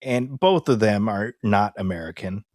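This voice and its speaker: A man co-hosting a movie podcast in casual chat, animated and fond of quoting people in put-on voices. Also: lowish voice, moderate pace, no room sound, clean studio sound. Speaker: podcast co-host.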